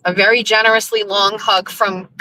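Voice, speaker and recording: A woman's voice: medium pitch, level tone, moderate pace, bright, forceful tone, poor audio. A woman hosting a casual live chat from her car while she drives, chatty, scattered and blunt, sounding emotional and overwhelmed. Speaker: host. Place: car, driving.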